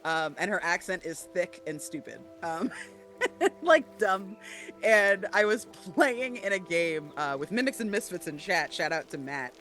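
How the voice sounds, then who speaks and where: A man guesting on a podcast, chatting casually and telling animated, profane stories with frequent laughter. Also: high voice, measured pace, soft background music. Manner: animated, profane storyteller who laughs often. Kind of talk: casual chat.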